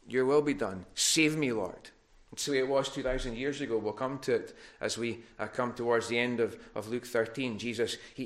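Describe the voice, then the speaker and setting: A man's voice: medium pitch, normal speed, fairly bright tone. A man preaching a sermon in a church, earnest and given to restarts, rising in force on his appeals. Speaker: pastor.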